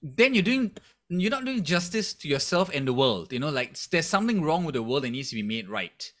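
Give me a man on a comedy podcast who thinks out loud in an earnest, searching way. He keeps reaching for "you know" and "right", and his voice rises and falls a great deal. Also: on the high side, very animated, fairly quick. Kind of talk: casual podcast chat.

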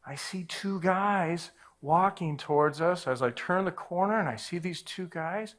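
A man's voice: sits high, a little slow. A man in his forties, a pastor telling a personal story in a sermon and acting out the voices in it. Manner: animated, acts out every voice in his story.

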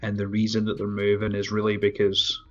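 A man's voice: lowish voice, fairly quick. Guy ranting about a movie, swears a lot, laughs, dull lo-fi sound, faint music behind. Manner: profane, animated, laughs often. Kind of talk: casual movie discussion.

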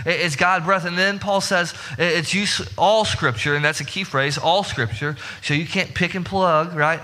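A man preaching a sermon as pastor, emphatic and repetitive, climbing higher in pitch as he presses his points. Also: pushed and bright. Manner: emphatic, repeats words and restarts, rises in pitch when stressing points. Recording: long reverb of a hall.

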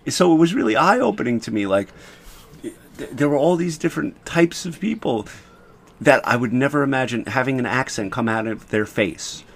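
Animated guy chatting. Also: medium pitch, normal speed, gravelly. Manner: animated, laughing, rambling. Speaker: podcast co-host. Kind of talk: casual chat.

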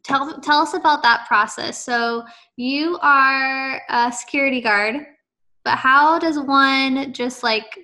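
A woman's voice: high-pitched, takes it slowly, sharp tone. A woman hosting a faith-based interview, talking in an encouraging, conversational way. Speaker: interview host.

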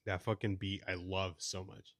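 In studio-quality audio with no echo, a young music-podcast co-host chats casually, relaxed, laughing a lot and swearing freely. He has a deep, level, fairly bright voice and speaks at a moderate pace.

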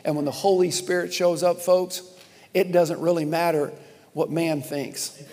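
Young male pastor, higher pitch, animated sermon with laughs, long hall reverb. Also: measured pace. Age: young adult. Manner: animated storytelling, laughing and exclaiming. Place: church sanctuary.

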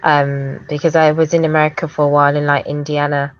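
A woman with a British accent and Jamaican roots tells stories in a casual chat, acting out the voices of the people she met. Her voice sits a little low. The recording is dry and slightly dull, as if captured close on a modest mic. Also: fairly quick, dry recording. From Jamaican heritage, raised in Britain. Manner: animated storyteller, acts out quoted voices.

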